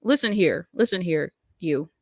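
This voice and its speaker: A woman's voice: lowish voice, animated, measured pace, vocal fry, darkish tone, no room sound, clean studio sound, full character voice. Woman doing a stammering, blustery old president. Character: mock impression of an old male president.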